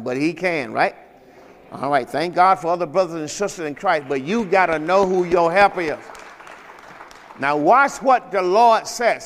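A man with a notably high voice delivers a sermon, pressing each point with emphasis and frequent questions to his listeners. His voice rings out with a long reverb, as in a church hall. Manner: emphatic, repeatedly checks understanding with questions. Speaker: pastor. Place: church service.

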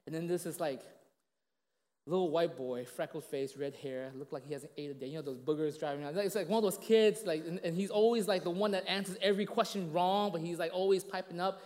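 A man's voice: a little fast, a little mellow. A man in his late thirties giving a casual, conversational sermon as a pastor, telling stories with lots of fillers and "you know, right?" asides, and acting out quoted voices. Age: late 30s. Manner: casual, chatty, heavy on fillers and 'you know', 'right?'; acts out quoted voices with big pitch jumps. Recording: long reverb of a large hall.

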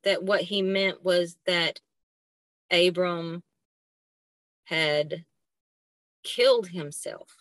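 A middle-aged woman with a Southern accent, a podcast guest telling a personal story in a halting way, with many fillers and restarts, acting out the dialogue she quotes. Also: on the low side, dry recording.

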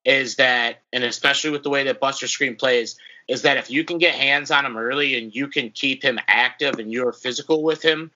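A man with a bright, forceful voice talks football in a loose, energetic way, peppering his talk with "dude" and "like". The audio is muffled and lo-fi. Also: medium pitch, a little fast. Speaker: sports podcast co-host. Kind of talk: casual sports chat. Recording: dull lo-fi audio.

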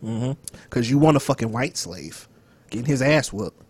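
Animated young man with a husky voice. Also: medium pitch, normal speed. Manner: animated, joking, swings loud and soft. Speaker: podcast co-host. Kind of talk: casual podcast chat.

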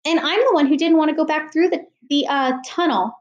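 A woman's voice: high voice, a little fast, muffled recording, pitched above the performer's own voice, lightly acted. A woman reading as a shy hesitant girl. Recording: roomy echo.

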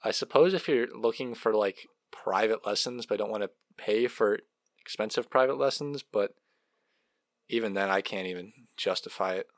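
A man's voice: fairly low pitch, normal speed, dry recording. A young man co-hosting a podcast in casual chat, making wry, dry remarks. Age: young adult. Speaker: podcast co-host.

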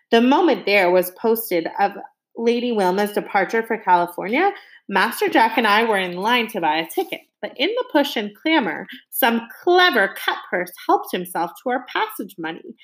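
A woman's voice: medium pitch, animated, normal speed, close to an everyday voice. Woman doing a courteous, formal butler. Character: polite, unflappable male butler.

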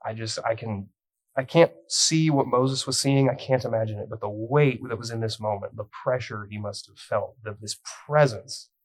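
A young youth pastor delivers a sermon in a mid-pitched voice. He tells the story with light humor and reads the scripture with dramatic weight. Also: moderate pace, poor audio.

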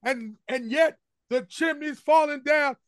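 A man preaching from the pulpit in a strikingly high voice, pressing each point with repeated refrains. The sound is close and dry, with hardly any room around it. He speaks straight to the congregation, and they answer him. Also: unhurried, dry recording. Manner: emphatic call-and-response preaching with repeated refrains. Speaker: senior pastor. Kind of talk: sermon. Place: church sanctuary.

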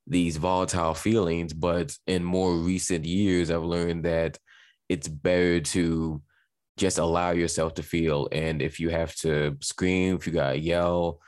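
Deep-voiced man, dry close sound. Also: no room sound. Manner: reflective, builds on guest's points. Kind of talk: conversational interview.

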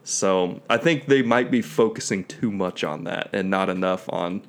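A man with a fairly low voice talks in a relaxed, casual way. He hedges often and thinks aloud as he goes. He sounds like a co-host trading opinions with a friend. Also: moderate pace. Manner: easygoing, hedging, thinks aloud. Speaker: podcast co-host. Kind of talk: casual chat about video games.

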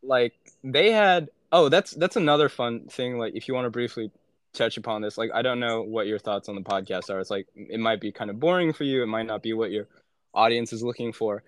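Young male podcast guest, casual rambling storyteller, mid-pitched, dead-dry close mic. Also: a little fast, no room sound. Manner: rambling, heavy "like" fillers, frequent swearing. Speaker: podcast guest, former aid worker. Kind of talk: casual chat.

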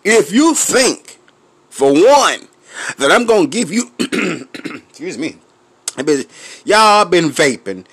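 A man with a Memphis accent ranting to his viewers, full of cursing, laughing and clearing his throat as he smokes. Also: high voice, very animated, takes it slowly, long pauses, dry recording. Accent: Memphis Southern US. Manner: loud, profane, laughing between lines; smoking, clears throat often. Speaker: vlogger. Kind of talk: profane rant to camera.

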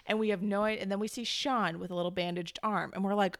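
A woman's voice: mid-range voice, fairly even intonation, fairly quick, creaky, few pauses, no echo. A woman co-hosting a podcast who talks about a TV show in an emphatic, indignant way and swears freely. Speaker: podcast co-host. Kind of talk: casual chat about a TV show.

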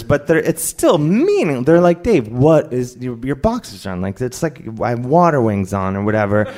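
A man telling a comic personal story on stage, lively and laughing, acting out other people's lines. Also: mid-range voice, slight background noise. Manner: animated, laughing, acts out voices of others. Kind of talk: live comedic storytelling.

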